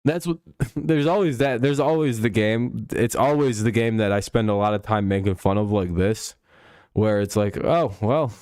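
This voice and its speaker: A man's voice: fairly low pitch, steady tone, moderate pace, darkish tone, clean tone, dry recording, studio quality. A man hosting a casual football preview stream, joking and rambling with frequent swearing. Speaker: sports streamer. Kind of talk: casual NFL preview chat.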